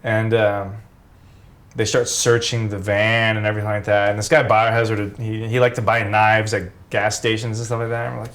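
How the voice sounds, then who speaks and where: A man's voice: on the low side, little pitch movement, brisk, fairly bright tone. A man in his forties, a former pro wrestler, casually telling road stories, laid-back and swearing freely.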